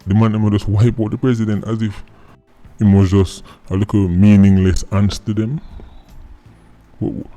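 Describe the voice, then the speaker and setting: A man's voice: on the low side, little pitch movement, normal speed, dark tone. A man with a Jamaican accent hosting a political commentary vlog, sardonic and mocking, firing off rhetorical questions. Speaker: vlog host. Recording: faint background music.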